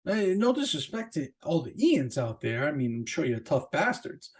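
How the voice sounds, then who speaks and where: A man talks by himself on his own podcast in a loose, rambling rant. His speech is thick with swearing, fillers and false starts, and his pitch leaps upward whenever he hammers a point home. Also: moderate pace, husky. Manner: profane, rambling, with many fillers and restarts; animated, jumping up in pitch for emphasis. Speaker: podcast host. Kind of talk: casual solo rant.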